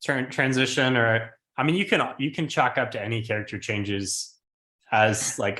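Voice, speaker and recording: A man's voice: mid-range voice, normal speed, bright, forceful tone. A man hosting a podcast in casual chat, easygoing, steering the talk with questions. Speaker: podcast host. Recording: roomy echo.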